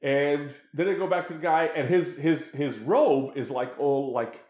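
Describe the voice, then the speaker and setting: A man's voice: a little high, a little slow, darkish tone. A man chatting casually about a TV show he watched, rambling with many fillers and restarts. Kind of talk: casual chat reacting to a TV show. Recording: roomy echo.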